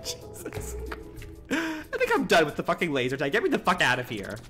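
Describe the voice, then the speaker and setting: A man's voice: high-pitched, wildly swooping pitch, moderate pace, over music. A man streaming a role-play game in a flamboyant, campy manner, swearing freely and calling people darling.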